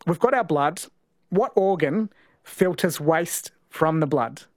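A man's voice: a little high, expressive, slow pace, no echo, studio quality. A man hosting a talkback radio show, running a quiz with callers in a playful, chatty way and laughing easily. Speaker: radio host. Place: radio studio.

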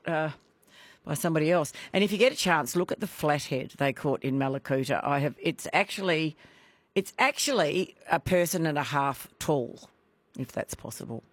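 A man with an Australian accent hosting a talkback radio show, chatty and quick to laugh. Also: a little high, expressive, a bit bright, no room sound. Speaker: radio host.

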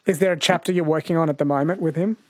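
A man's voice: fairly high pitch, fairly even intonation, very fast, a little hiss or hum. A man with an Australian accent hosting a late-night radio quiz, friendly and chatty as he reads out listener messages.

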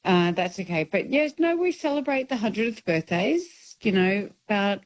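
A woman's voice: mid-range voice, expressive, moderate pace, highs cut off. A young woman calling in to a radio quiz, chatty and rambling, laughing as she tells a family story. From Ireland. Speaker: caller. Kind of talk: casual phone-in chat.

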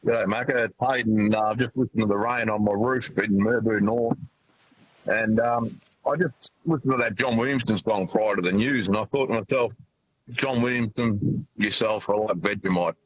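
A man's voice: on the low side, moderate pace, husky. A man with an Australian accent calling a radio show from his car, friendly and hesitant with many fillers. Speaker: caller. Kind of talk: talkback phone call. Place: driving in a car. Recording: dull phone line with faint noise.

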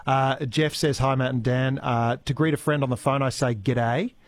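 A man's voice: mid-range voice, steady tone, normal speed, no echo. An Australian man hosting a live radio show in a studio, reading listener messages and chatting in an easygoing way with frequent ums and restarts. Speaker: radio host. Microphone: studio microphone.

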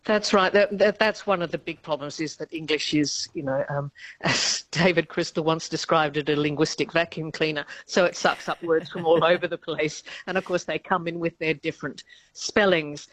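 A woman's voice: low voice, fairly even intonation, moderate pace, no echo. A woman professor of linguistics answering radio interview questions in a chatty, explanatory way, laughing often mid-sentence.

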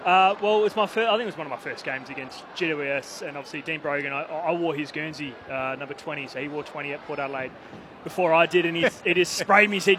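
Aussie ex-player on commentary, high voice, noisy booth, laughs a lot. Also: male voice, big pitch swings, fast. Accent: Australian. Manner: laughing, chatty storytelling. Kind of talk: casual sports commentary banter.

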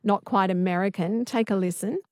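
A woman's voice: medium pitch, a little fast, a little mellow, dry recording, clean studio sound. A woman radio host who reads out listener messages and interviews a guest in a conversational way. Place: radio studio.

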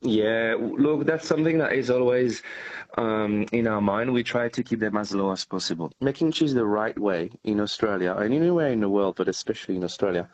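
A man's voice: lowish voice, a little fast, poor audio. A man with a French accent, a cheesemaker answering interview questions earnestly, with small fillers and restarts.

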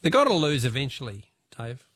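A man with an Australian accent hosting a talkback radio quiz, chatty and jovial with quick laughs. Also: medium pitch, sing-song, fairly bright tone, breathy edge.

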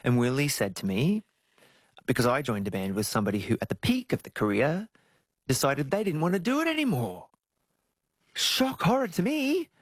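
A man, telling stories as an interview guest, jumping into high squeaky tones when he jokes. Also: a little fast, no room sound. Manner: animated storytelling, jumps to high squeals when joking. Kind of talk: casual interview chat.

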